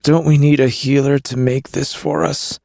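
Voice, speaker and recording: A man's voice: mid-range voice, sing-song, slow pace, darkish tone, no room sound, clean studio sound, voice pushed up. A man voicing a wry, queasy young smuggler in an audiobook, with a whiny, wisecracking delivery. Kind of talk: audiobook character voice.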